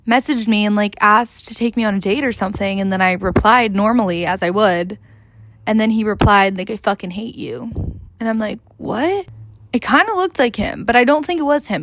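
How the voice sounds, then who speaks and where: A woman's voice: on the high side, dry recording. A young woman vlogger telling a rambling story in casual chat, full of "like" and the odd swear.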